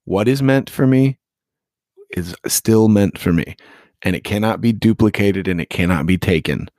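A man's voice: fairly low pitch, normal speed, darkish tone, no echo, clean studio sound. A man hosting a podcast in casual chat, laid-back and profane, laughing easily. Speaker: podcast host.

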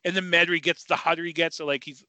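A man's voice: on the high side, steady tone, rapid-fire, pushed and bright, dry recording. A man co-hosting a podcast in casual chat, rambling and opinionated with enthusiasm. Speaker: podcast co-host.

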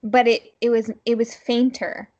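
A woman co-hosting a podcast in casual chat, relaxed and agreeable, with lots of fillers as she talks. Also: a little high, unhurried, highs cut off. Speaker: podcast co-host.

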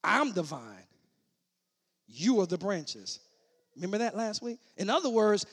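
Male preacher, gravelly and sharp-toned, chatty teaching that builds to shouting. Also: high voice, big pitch swings, measured pace. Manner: repeats words and restarts often. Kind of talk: sermon.

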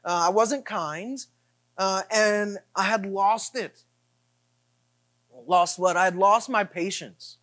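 A middle-aged man preaching, telling a self-deprecating story in an animated way with repeated refrains. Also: high-pitched, slow, long pauses. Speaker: pastor. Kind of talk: sermon storytelling.

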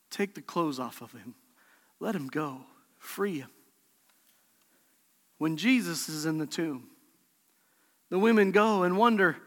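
A man preaching a sermon as pastor, impassioned, swinging from soft lines to shouted calls. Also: high-pitched. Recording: long hall reverb.

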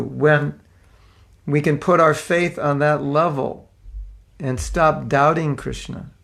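A man preacher telling personal stories in an informal sermon, conversational and self-deprecating, with halting restarts. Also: fairly high pitch, vocal fry.

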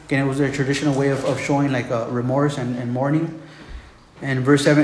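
A man's voice: mid-range voice, level tone, a little fast, darkish tone. Casual male pastor preaching in roomy room. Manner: casual, repetitive, says "man" a lot. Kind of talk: sermon teaching from Bible. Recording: roomy room, faint background noise.

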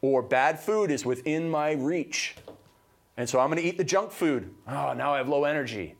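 A man from Canada co-hosting a motivational podcast, delivering advice in an emphatic, high-energy way. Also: animated, normal speed, vocal fry. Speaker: podcast co-host.

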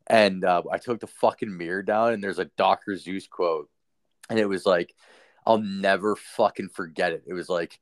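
A man's voice: sits low, steady tone, normal speed, dry recording. A young man hosting a podcast, telling a story in a loose, rambling way, swearing constantly and leaning on fillers. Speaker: podcast host. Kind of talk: casual storytelling.

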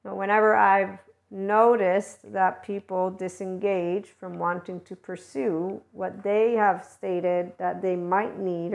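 A woman giving a casual, rambling spiritual teaching monologue as a guidance channeler, talking conversationally with soft laughs. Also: medium pitch, gravelly, highs cut off.

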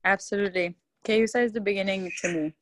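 A woman's voice: mid-range voice, fairly even intonation, very fast, fairly bright tone, no room sound. A woman with a French accent, a TV videographer talking as a guest in an interview, earnest and heartfelt as she searches for her words. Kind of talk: casual interview talk.

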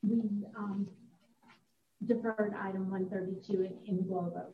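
A woman's voice: medium pitch, flat delivery, unhurried, narrow, tinny audio. A woman on council staff, giving procedural answers carefully and with hesitations. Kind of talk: formal meeting procedure.

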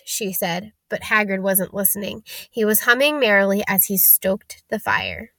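A woman narrating a storybook aloud in a steady, plain reading manner. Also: mid-range voice, normal speed, creaky, hardly any pauses, no room sound.

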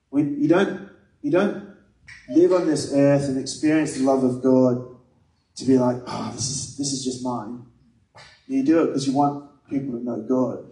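A man's voice: medium pitch, measured pace, long pauses, warm tone. A man preaching a sermon, earnest and conversational, mixing scripture with personal stories. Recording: echoey room, mic at a distance.

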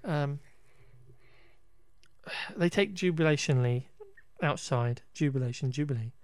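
A man's voice: a little high, unhurried, no room sound, clean studio sound. A man co-hosting a podcast, chatting casually through a film recap with frequent restarts and laughter. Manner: rambling, self-correcting, laughs often. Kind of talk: casual chat.

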